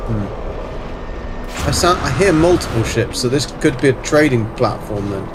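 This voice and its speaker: A man from Germany hosts a livestream, offering casual gaming commentary as he plays. His mid-range voice is expressive and moderately paced over a noisy background, and he rambles and swears playfully.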